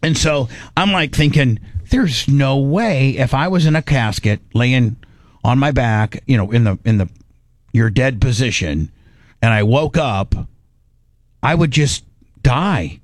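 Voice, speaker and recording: Dry, animated middle-aged male radio host. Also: mid-range voice, measured pace, dry recording. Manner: animated, acts out his own inner voice; rambling with frequent restarts and fillers. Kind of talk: casual storytelling chat.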